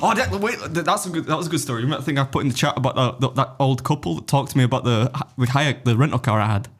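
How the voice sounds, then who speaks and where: An English man telling travel stories on a podcast, animated and laughing, with some swearing. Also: mid-range voice, fast, slightly rough. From England. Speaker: podcast co-host. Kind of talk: casual podcast chat.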